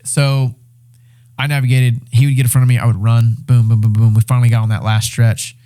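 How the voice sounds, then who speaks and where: Young male podcast guest, mellow tone, animated and profane storyteller. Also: mid-range voice, brisk, clean tone. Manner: animated, excited retelling with swearing and restarts. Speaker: podcast guest, reality show winner. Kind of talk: casual storytelling.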